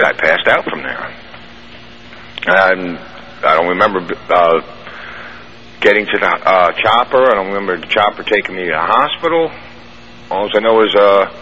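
A man's voice: fairly low pitch, bright, forceful tone. Plainspoken man on a muffled radio line. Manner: rambling, plainspoken, with restarts. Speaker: guest caller recounting an experience. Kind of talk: first-person storytelling. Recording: muffled radio broadcast with faint hiss.

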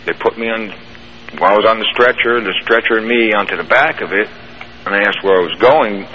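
A man's voice: on the low side, fairly quick. A man telling a long first-person story in a plainspoken, rambling way, with restarts. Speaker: guest caller recounting an experience. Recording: muffled radio broadcast with faint hiss.

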